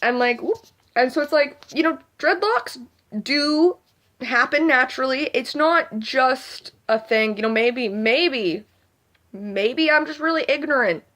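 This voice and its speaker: A woman's voice: high-pitched, expressive, unhurried, a bit bright. A young adult woman ranting casually to camera in a vlog, rambling and profane, with a constant filler "like". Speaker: vlogger.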